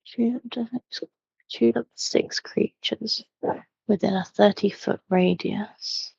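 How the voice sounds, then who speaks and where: A woman plays a tabletop game, talking slowly and hesitantly with lots of ums. Her voice has a gravelly fry. The recording is dry and slightly muffled. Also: medium pitch, steady tone, darkish tone, no echo. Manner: hesitant, many ums and apologies. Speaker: player.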